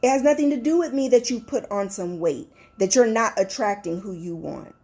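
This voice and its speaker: A woman's voice: medium pitch, moderate pace, darkish tone. A middle-aged woman, a life coach hosting her own show, talking bluntly and animatedly in casual slang as she acts out the voices of friends. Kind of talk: motivational monologue.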